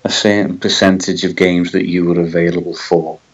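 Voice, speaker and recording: A man's voice: deep voice, little pitch movement, normal speed, husky, highs cut off. A man with a Scouse accent, co-hosting a casual football podcast, hesitant and full of tag questions. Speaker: podcast co-host.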